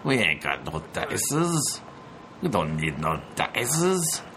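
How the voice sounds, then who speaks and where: A man's voice: fairly low pitch, huge pitch swings, slow, noisy background, voice pushed up, exaggerated voice. A man putting on a thick-accented bandit leader. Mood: indignant. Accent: thick Spanish accent. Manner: sweet-talking, then stammering. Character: menacing bandit leader, large and ugly, man.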